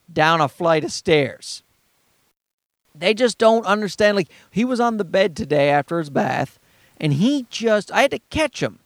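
A man's voice: sits high, no room sound, clean studio sound. A father ranting heatedly and profanely about other parents' advice, talking from inside his car. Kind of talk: ranting monologue.

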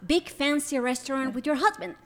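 Woman, from Guatemala, comedic podcast banter, eager, high voice, bright. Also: a little fast.

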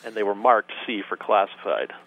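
A man's voice: lowish voice, animated, moderate pace, vocal fry, a bit bright, no echo. A man speaking as a guest commentator on a talk radio show, sarcastic and emphatic, piling up words for effect. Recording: tinny phone line.

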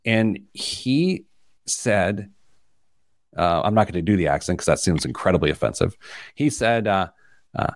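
A man hosting a radio money show, telling stories in a lively, self-deprecating way. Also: low voice, a little slow, pauses often, dry recording, studio quality. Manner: animated, self-deprecating storyteller. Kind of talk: casual chat, storytelling.

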